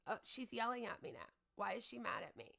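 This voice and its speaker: A woman's voice: fairly high pitch, sing-song, fairly quick, creaky, sharp tone, pitched above the performer's own voice, full character voice. A woman putting on the whiny, mocking voice of an offended online critic. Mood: mocking whine.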